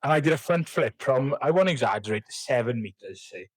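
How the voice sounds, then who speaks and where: A man's voice: medium pitch, lively intonation, fairly quick, slightly rough, no echo, poor audio. A young man, a podcast guest telling rambling, sweary, self-mocking stories. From Wales. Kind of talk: casual chat.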